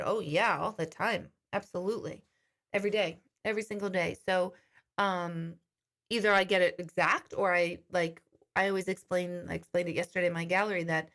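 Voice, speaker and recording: A woman's voice: on the low side, a bit bright. A woman hosting a live-stream question and answer session as a psychic medium, chatting casually and reading viewer comments aloud.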